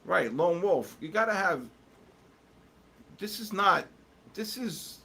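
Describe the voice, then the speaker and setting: In a high-pitched, slow, creaky voice that sounds pushed, bright and slightly rough, a man hosts a live trading stream with plenty of animation. He rambles and jokes, answering chat while he watches the charts and calls out market moves.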